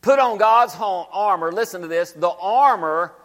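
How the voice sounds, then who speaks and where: A man's voice: high-pitched, normal speed. A male pastor preaching a sermon, repeating scripture lines and calling on the congregation to say them back. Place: church sanctuary. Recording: echoey church hall.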